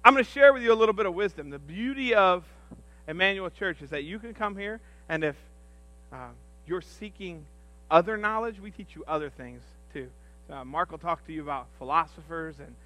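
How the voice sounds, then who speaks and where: A man on a church's staff giving a humorous sermon, telling self-deprecating stories in an animated, jokey way. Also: a little high, brisk. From rural upbringing.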